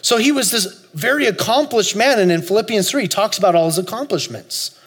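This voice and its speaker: A man in his forties preaching a sermon, telling a story with loud high bursts and soft low asides. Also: animated, a little fast, slightly rough. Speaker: pastor. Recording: long hall reverb, faint music.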